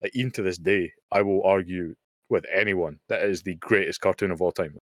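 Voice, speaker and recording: A man in his thirties from the UK with a very low voice, co-hosting a podcast. He speaks bluntly, swears freely and adds dry humour, and the sound is close and dry. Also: fairly quick, no room sound. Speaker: podcast co-host. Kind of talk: casual chat. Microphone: remote call mic.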